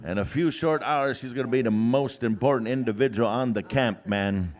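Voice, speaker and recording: Guy emceeing a powwow outside, stretches out names, lots of uh's, cracks jokes, mid voice. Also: medium pitch. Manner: drawn-out announcing of names, many "uh" fillers, joking asides. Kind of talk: live announcing with jokes. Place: outdoor powwow grounds.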